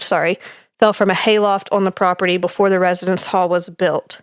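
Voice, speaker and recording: A woman's voice: mid-range voice, fairly even intonation, fairly quick, smooth, dry recording, studio quality. Chatty woman reading ghost notes. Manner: reads from notes with fillers, laughs easily. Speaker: podcast co-host presenting research. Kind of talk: casual chat.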